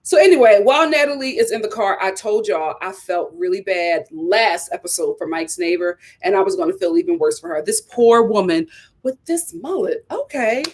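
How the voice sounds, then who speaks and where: A woman hosting a live stream, giving sassy, animated commentary on a reality show and talking straight to her viewers. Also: medium pitch, moderate pace. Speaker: live show host reviewing a reality series.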